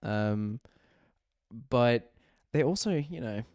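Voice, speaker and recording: A man's voice: mid-range voice, expressive, takes it slowly, a little mellow, clear, resonant tone, no echo, clean studio sound. A man co-hosting a podcast in casual chat, blunt and opinionated, swearing now and then. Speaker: podcast co-host.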